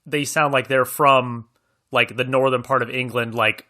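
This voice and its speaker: A man with a bright, tense voice talking movies as a podcast co-host. He hedges his opinions earnestly and laughs often as he goes. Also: medium pitch, fairly even intonation, normal speed. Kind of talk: casual film discussion.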